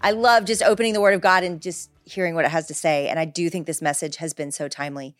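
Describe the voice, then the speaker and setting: A woman teaching through a Bible passage in an animated, lively way. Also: quick pace, no room sound, studio quality, faint music behind. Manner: lively, animated, acts out Paul's voice with big pitch jumps.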